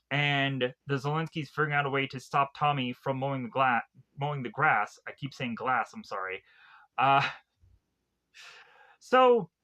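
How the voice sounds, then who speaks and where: A man casually retelling a film's plot as a reviewer, rambling with lots of fillers and restarts. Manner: mock-acts characters' lines with lively pitch jumps. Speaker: movie reviewer.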